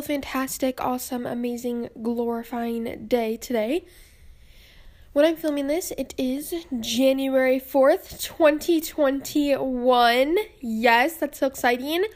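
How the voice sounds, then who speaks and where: A woman's voice: high voice, steady tone, unhurried. A young woman hosting a casual podcast from home, out of breath, chatty and rambling. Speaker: podcast host. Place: home, indoors.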